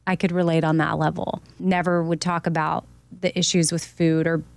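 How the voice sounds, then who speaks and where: Gravelly, low-voiced woman co-host. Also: little pitch movement, normal speed, dry recording. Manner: open, reflective, personal storytelling. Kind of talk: candid casual chat.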